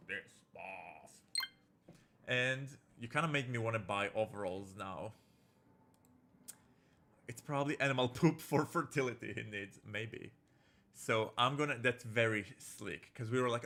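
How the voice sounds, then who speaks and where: Reading a visual novel's text aloud on stream, this man jokes in a campy, lighthearted manner during casual commentary. His voice is on the low side and sharp, at a moderate pace, over faint game music.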